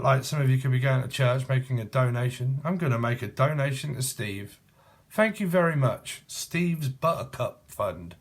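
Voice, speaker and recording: A man giving a casual tarot reading, free-associating from word to word, punning and swearing freely. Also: mid-range voice. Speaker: tarot reader.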